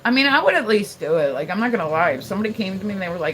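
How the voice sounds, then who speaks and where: Woman, live streamer, casual chat, rambling, laughing, swearing, slightly low voice. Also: lively intonation, very fast, hardly any pauses, a bit bright, slight background noise, low-quality recording. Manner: rambling, laughing, frequent profanity and fillers.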